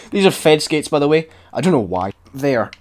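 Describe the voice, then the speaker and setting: A young man giving sweary, excitable and sarcastic commentary while building in a video game. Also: fairly high pitch. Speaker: gaming YouTuber. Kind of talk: casual gameplay commentary.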